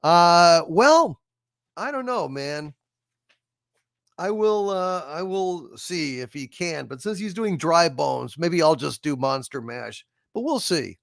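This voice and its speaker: A man's voice: a little high, expressive, creaky, no room sound, clean studio sound. A man hosting a casual livestream, reading out viewer messages and chatting in a rambling way with lots of fillers and restarts. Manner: slow, soft poetry reading. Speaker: livestream host. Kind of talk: casual livestream chat reading super chats.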